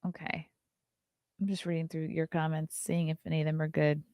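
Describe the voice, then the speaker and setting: Woman host, thirties, low-pitched, chatty, opinionated, reading chat, dry close sound. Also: flat delivery, a little fast, mellow, no echo. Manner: chatty and opinionated, reacts to chat, yawns often. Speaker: host of a morning talk stream. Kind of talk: casual livestream talk, reading news and chat comments.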